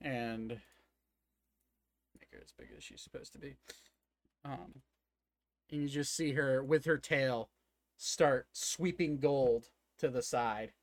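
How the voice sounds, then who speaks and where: A young man narrating a tabletop game as game master at home, with halting speech full of fillers. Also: mid-range voice. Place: home, at a computer.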